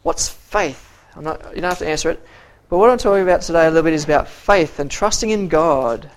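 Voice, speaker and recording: A teacher giving an interactive Bible story lesson, acting out characters' lines in quoted voices, quizzing the listeners, and often repeating words while searching for the next phrase. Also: medium pitch. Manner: halting, with frequent repeated words.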